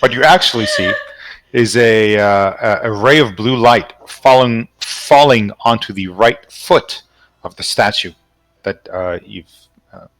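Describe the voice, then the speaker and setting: Guy dm-ing a tabletop game, lowish voice, slow, lots of ums. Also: fairly bright tone, dry recording, faint music behind, poor audio. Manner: slow, hesitant narration with fillers. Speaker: dungeon master.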